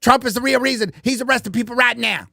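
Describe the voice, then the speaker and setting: Brief: man mimicking a ranting congresswoman, shrill and mocking, high-pitched, dry close mic. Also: quick pace, creaky, pushed and bright, dry recording, heavily acted.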